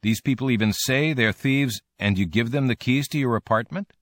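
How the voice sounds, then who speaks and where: A man voicing a sharp, quick-witted woman. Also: mid-range voice, no room sound, studio quality, pitched above the performer's own voice, lightly acted. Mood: incredulous.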